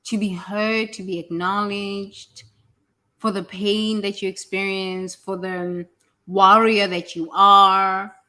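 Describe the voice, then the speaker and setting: A woman delivers a raw motivational monologue in a bright, forceful voice. She is blunt and emphatic, swears without hesitation, and hammers her points home by repeating them. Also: mid-range voice, flat delivery, slow pace. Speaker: self-help vlogger.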